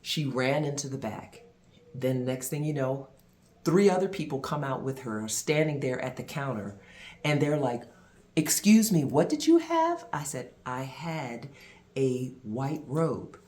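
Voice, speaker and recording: A man vlogger and minister telling a personal story to camera, with dramatic pauses and expressive delivery. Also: mid-range voice.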